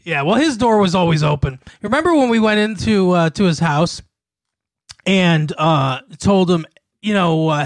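A man's voice: sits high, lively intonation, normal speed, no room sound, clean studio sound. A man co-hosting a podcast, telling stories in casual chat, laughing often and using many fillers. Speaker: podcast co-host.

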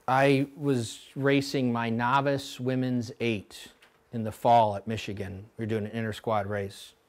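A middle-aged man coaching coxswains at a clinic, blunt and animated, now and then mimicking rowers in a high voice. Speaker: rowing coach.

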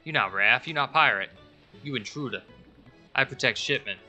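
Man voicing a brutish pirate henchman, loud broken speech, bright edgy tone, faint music behind. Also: medium pitch, normal speed. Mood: menacing. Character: dim-witted brutish male pirate henchman.

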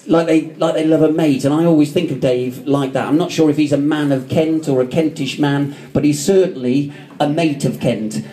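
A man's voice: a little high, steady tone, normal speed, hardly any pauses, warm tone. A man giving a chatty, joking memorial speech to a crowd in a theatre foyer. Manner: chatty, joking, self-mocking. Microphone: phone camera in the audience.

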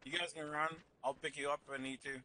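Chill gamer guy, bright kinda high voice, swears a lot, faint game noise. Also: flat delivery, fast talker. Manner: laid-back, swearing, shrugs off bad luck. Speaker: teammate in a game stream. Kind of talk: casual gaming chat.

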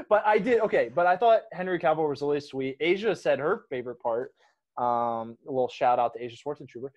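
A man hosting a casual movie discussion, animated, laughing often and trailing off into restarts. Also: on the high side, normal speed, dull audio. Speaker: podcast host.

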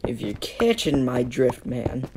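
Low-voiced, unhurried woman playing along jokily. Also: sing-song, background noise. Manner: playful and self-mocking, with silly sound words. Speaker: gaming video creator. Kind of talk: casual game commentary.

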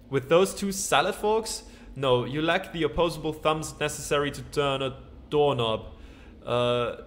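Playful let's-play host, fairly high voice. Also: male voice, a bit bright, slight background noise. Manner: playful, reads narration aloud with goofy asides. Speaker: gaming channel host. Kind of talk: let's-play commentary reading game text.

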